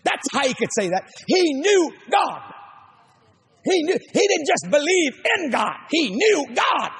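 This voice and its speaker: An older man with a Cajun accent preaching a sermon, emphatic and repetitive, often shouting his lines. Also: extremely high pitch, sing-song, unhurried.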